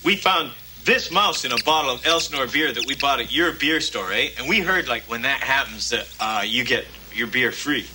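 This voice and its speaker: A bossy Canadian slacker. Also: male voice, mid-range voice, lively intonation, normal speed, hardly any pauses, bright, forceful tone, a little hiss or hum, rough recording. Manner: slangy, bossy, ends lines with "eh". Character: bossy, scheming young male slacker brother. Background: film music.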